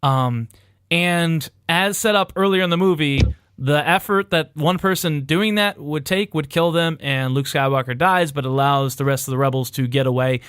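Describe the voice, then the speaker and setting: A man's voice: fairly high pitch, normal speed, a bit bright, clean tone, no echo, studio quality. A man casually retelling a movie plot on a podcast, rambling and swearing with jokes along the way. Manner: rambling, profane, jokey retelling. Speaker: podcast host. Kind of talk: casual movie recap chat.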